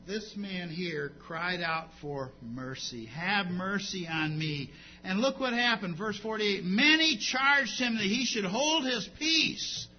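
A man preaching a sermon, swinging between loud emphatic passages and low, intimate storytelling. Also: expressive, slow pace, hardly any pauses. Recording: dull lo-fi recording with background hum.

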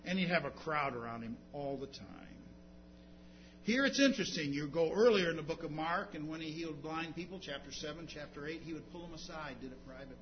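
A man preaching a sermon, swinging between loud emphatic passages and low, intimate storytelling. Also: fairly quick. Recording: dull lo-fi recording with background hum.

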